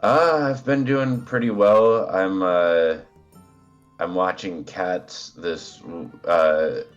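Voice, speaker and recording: Through the dull, lo-fi audio of a phone on speaker, a congested man with a low voice chats as a guest player on an online game stream. He talks extremely slowly, rambling and hesitating with fillers in a relaxed way, while faint music plays behind him.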